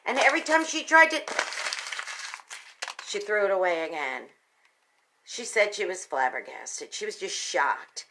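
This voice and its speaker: A woman hosting a radio talk segment, retelling a story with expressive, folksy emphasis and speaking straight to her listeners. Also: mid-range voice, a little slow, noisy background. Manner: folksy, addresses listeners directly. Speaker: radio station general manager.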